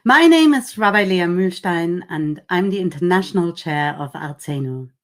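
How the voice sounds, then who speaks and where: A woman who is a rabbi chairs the session, formally introducing the panel speakers in a measured, read style. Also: on the low side, animated. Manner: measured and formal, reading bios.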